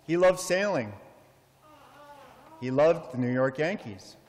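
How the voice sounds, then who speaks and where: A man's voice: on the high side, lively intonation, a little mellow. Man giving a eulogy in a reverberant hall. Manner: measured, heartfelt delivery with storytelling pauses. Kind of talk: funeral eulogy. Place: memorial service in a large hall.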